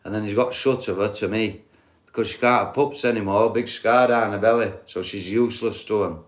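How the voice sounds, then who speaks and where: A man's voice: fairly low pitch, steady tone, brisk. A middle-aged man, talking bluntly and swearing as he rambles through a casual live stream chat. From England. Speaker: livestreamer.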